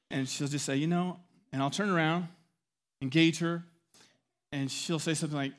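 A middle-aged man preaching a sermon with animated delivery, acting out quotes and swelling loud at key points. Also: on the high side, quick pace. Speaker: pastor.

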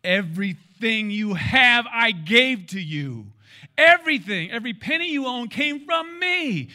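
A man putting on the voice of God as a stern, scolding father figure who is forceful and emphatic. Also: medium pitch, fairly even intonation, fast talker, natural voice.

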